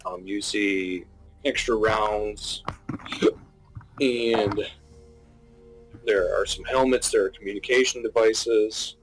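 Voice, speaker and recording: A man narrating as game master of a tabletop game, describing scenes haltingly with many restarts, while he has the hiccups. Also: on the low side, fairly even intonation, soft background music, low-quality recording.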